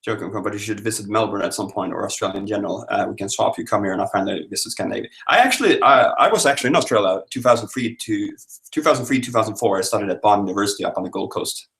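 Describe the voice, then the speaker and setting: A man's voice: on the low side, racing, fairly bright tone. A man from Sweden in his thirties, hosting a live stream from home and chatting jokily with viewers as he reads their comments. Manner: chatty, jokey, rambling. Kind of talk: casual chat reading viewer comments. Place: home room.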